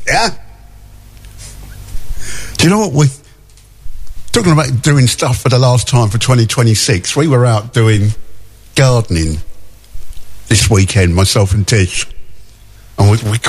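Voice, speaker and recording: A male radio host chatting and reading out listener messages in a jokey way, laughing often. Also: mid-range voice.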